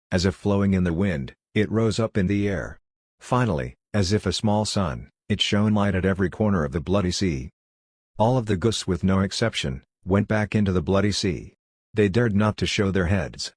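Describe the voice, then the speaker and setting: A man narrating an audiobook in a steady, even reading voice. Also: deep voice, no room sound, clean studio sound.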